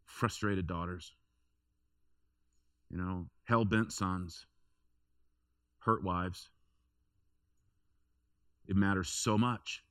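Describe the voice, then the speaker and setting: A man with a bright, forward, fairly low voice preaches to his congregation. He talks like he is telling a story to friends and repeats lines for emphasis. The sound is close and dry. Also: no echo. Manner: conversational storytelling, emphatic repetitions. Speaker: pastor. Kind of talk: sermon. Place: church.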